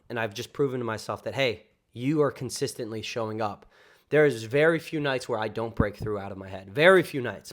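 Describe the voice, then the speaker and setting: Male dating coach, casual and excitable, swears freely, keeps saying bro. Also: medium pitch. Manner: excitable, profane, slangy, addresses listeners as bro. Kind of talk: casual motivational monologue.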